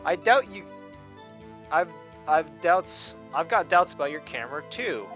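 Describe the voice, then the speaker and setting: An earnest young defense attorney, read by a man who talks himself through problems and presses his points hard. The voice is bright and animated. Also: fairly high pitch, unhurried, dull audio, soft background music. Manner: earnest, self-talking, emphatic.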